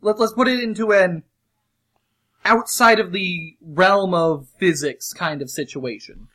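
A man with a high voice co-hosting a casual chat. He is playful and keeps cutting in with a string of "no, no, no" before he argues his own point. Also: a bit bright. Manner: playful, quick to object with repeated "no, no". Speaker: co-host.

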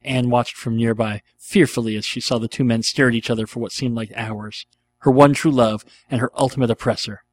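A man's voice: mid-range voice, steady tone, a little fast. Male narrator, earnest dramatic read of a fan fiction. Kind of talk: reading a fan fiction aloud.

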